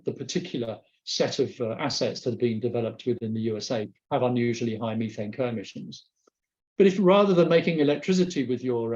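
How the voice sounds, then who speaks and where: Halting man giving a webinar talk. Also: mid-range voice, darkish tone, highs cut off. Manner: halting, with many restarts and repeated words. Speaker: guest speaker presenting slides. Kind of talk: webinar presentation. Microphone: remote webcast mic.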